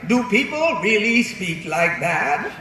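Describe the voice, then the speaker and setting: A man voicing a prim older woman acting teacher who speaks slowly, refined and incredulous. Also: high-pitched, big pitch swings, very echoey, distant mic, heavy background noise, full character voice. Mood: aghast.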